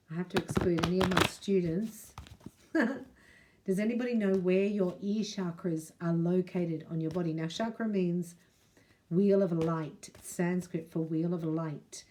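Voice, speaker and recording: Mellow low-voiced woman giving a spiritual reading. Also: steady tone, unhurried. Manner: chatty, addresses the viewer directly, reads prayers aloud. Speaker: spiritual reader and Reiki teacher. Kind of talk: casual reading to camera.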